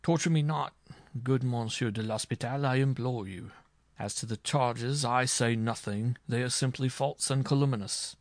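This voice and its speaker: A man reading aloud and voicing an arrogant, hot-tempered noble marshal on trial, who blusters loudly and indignantly. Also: mid-range voice, fairly even intonation, normal speed, hardly any pauses, dry recording, lightly acted. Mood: pleading.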